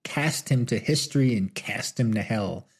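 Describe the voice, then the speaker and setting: A man's voice: medium pitch, normal speed, slightly rough. A man narrating an audiobook and voicing a rowdy, menacing stranger who barks and roars. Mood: roaring. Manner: barking, roaring, crooked grin.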